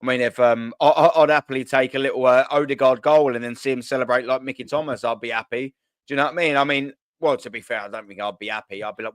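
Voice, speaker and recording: A man's voice: mid-range voice, fast, dry recording. A man hosting a casual football chat on a video call, joking, swearing and repeating himself. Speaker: host.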